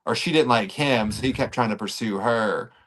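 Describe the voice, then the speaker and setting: A man's voice: mid-range voice, moderate pace, fairly bright tone. A man co-hosting a podcast in casual chat, sassy and playful. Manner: sassy, playful, breaks into sound effects. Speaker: podcast co-host.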